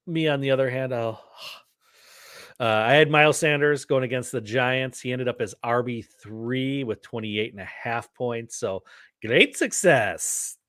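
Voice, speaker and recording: A man's voice: mid-range voice, fairly even intonation, measured pace, a bit bright, clean tone, dry recording, studio quality. A man co-hosting a casual podcast, easygoing and running the segments with plenty of fillers. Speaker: podcast co-host.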